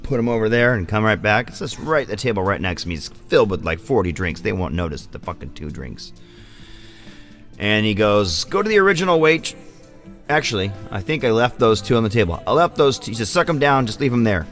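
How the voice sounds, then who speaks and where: A man's voice: fairly low pitch, lively intonation, brisk, a bit bright, soft background music. Rambling, profane male vlog host. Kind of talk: casual storytelling.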